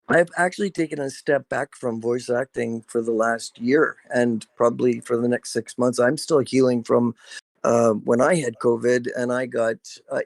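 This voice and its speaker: A man's voice: mid-range voice, creaky, darkish tone, dry recording. Emphatic man on a dry call. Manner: earnest, emphatic, repeats himself. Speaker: voice actor guest. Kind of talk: casual video call chat.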